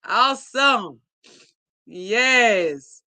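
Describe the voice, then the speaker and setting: A woman's voice: fairly high pitch, lively intonation, extremely slow, pushed and bright, no room sound. A woman hosting a casual live stream, reading viewer comments aloud in an upbeat, effusive way.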